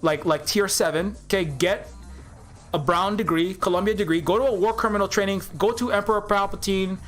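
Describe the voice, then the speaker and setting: A man's voice: high-pitched, fairly quick, fairly bright tone, faint music behind. A man giving a rambling commentary vlog, with many restarts. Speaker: game developer and commentator.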